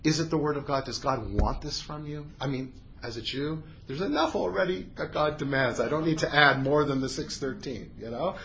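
A man giving a sermon, telling a story in an animated way, getting loud on his emphasis and dropping low when he quotes people. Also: moderate pace, vocal fry, slight background noise, rough recording.

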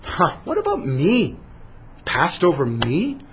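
A man's voice: on the high side, wildly swooping pitch, slow, fairly bright tone, a little hiss or hum, heavily acted. A man doing a resentful, sly schemer. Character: resentful royal-descended man, murderous schemer.

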